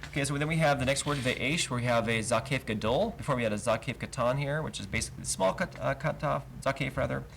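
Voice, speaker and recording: A man's voice: medium pitch, fast talker, creaky, hardly any pauses, a bit bright. A man teaching a verse-by-verse Hebrew lesson, explaining cantillation marks patiently and chanting each trope name aloud. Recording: livestream with faint noise.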